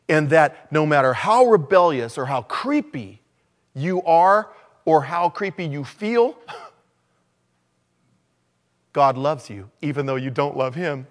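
A man preaching a conversational sermon, dropping to low murmurs and then rising to loud, emphatic lines. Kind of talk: sermon on evangelism.

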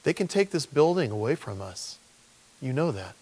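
A man preaching a sermon as pastor, animated and acting out quotes in lively voices. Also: medium pitch, normal speed, breathy edge. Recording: long hall reverb.

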